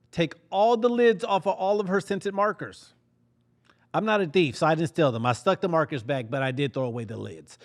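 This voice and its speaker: Gravelly man telling a funny story. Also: mid-range voice. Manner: animated, laughs often, acts out quotes. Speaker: podcast host. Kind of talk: comedic storytelling.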